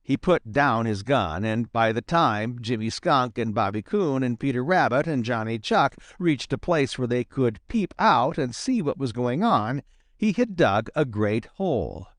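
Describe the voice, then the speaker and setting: Male audiobook narrator for a kids' story, animated delivery, dry close sound. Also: medium pitch, measured pace, no echo. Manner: lively, expressive reading.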